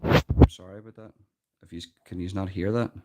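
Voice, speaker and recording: A man's voice: low voice, fairly even intonation, a little fast, mellow. An Irish man hosting a live stream, giving earnest, emphatic commentary and often repeating words as he thinks, recorded without a proper microphone. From Ireland. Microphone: built-in device mic, no external mic.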